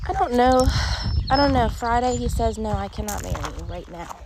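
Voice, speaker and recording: A woman in her thirties, tearful, speaking in an emotional, halting, rambling way in a personal vlog. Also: a little high, lively intonation, noisy background. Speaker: vlogger. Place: rural home, barn nearby.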